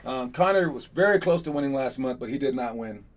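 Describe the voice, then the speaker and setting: A man runs a casual live online basketball coaching session, chatting and rambling with plenty of fillers. He's teasing and excitable, with a mid-range voice and a slightly fast pace.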